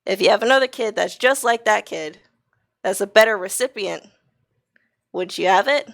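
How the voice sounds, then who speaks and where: A woman argues back over a headset mic, sharp-tongued and mocking. Her voice has a gravelly fry running through it. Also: medium pitch, normal speed. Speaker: voice chat participant. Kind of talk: heated casual argument.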